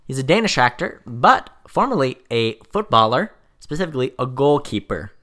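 A man's voice: medium pitch, very animated, normal speed, bright, forceful tone. A man on a casual movie podcast shares trivia, and his voice rises and falls with animation. He laughs easily between points. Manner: laughing often, sharing trivia. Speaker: podcast co-host.

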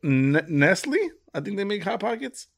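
A man's voice: high-pitched, very animated, normal speed, gravelly. A young man co-hosting a podcast, joking and teasing in casual chat. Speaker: podcast co-host.

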